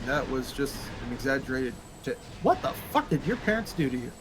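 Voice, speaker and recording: A man's voice: a little high, sing-song, fairly quick, few pauses, slight background noise, low-quality recording. A man streaming a game, ranting sarcastically and crudely in casual chat. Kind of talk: casual chat while gaming.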